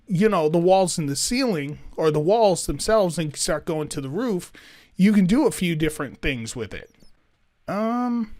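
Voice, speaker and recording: A man narrating his own building game in a slow, unhurried way, pondering each step out loud. His voice sits a little on the high side for a man, and he muses and mutters to himself while he plays. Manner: thinks aloud, musing and self-talking. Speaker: gaming YouTuber. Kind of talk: let's play commentary.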